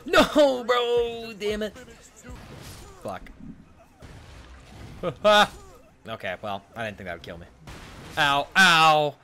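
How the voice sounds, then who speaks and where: A man's voice: high-pitched, big pitch swings, extremely slow, long pauses, sharp tone. A young man commenting casually on his own gameplay, swearing and breaking into frustrated outbursts. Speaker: gaming streamer.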